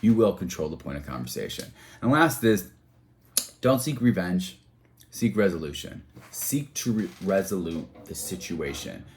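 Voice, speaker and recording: A man with a low, deep voice talks straight to his listeners, offering practical advice on handling conflict. He repeats key phrases for emphasis and moves between emphatic bursts and quieter asides. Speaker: speaker giving advice. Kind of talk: motivational talk to camera.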